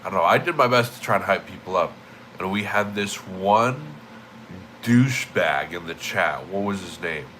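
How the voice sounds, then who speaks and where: A man's voice: low voice, animated, moderate pace, pushed and bright, a little hiss or hum, rough recording. A young man livestreaming, just woken up, rambling and swearing with emphatic repeated words. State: just woke up. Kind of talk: casual streaming rant.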